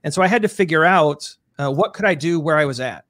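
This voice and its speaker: A man's voice: fairly high pitch, expressive, quick pace, a bit bright, no room sound, clean studio sound. A man co-hosting a podcast in casual chat, upbeat, reading listener questions aloud. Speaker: podcast co-host.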